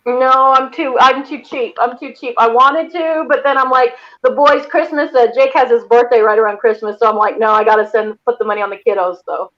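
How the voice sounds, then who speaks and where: A woman with a high, bright-pitched voice chats frankly on a livestream, often breaking into laughter. Her audio comes through muffled and lo-fi over the video call. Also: fairly even intonation, brisk, hardly any pauses. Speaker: horror reviewer, livestream panelist. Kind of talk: casual group chat.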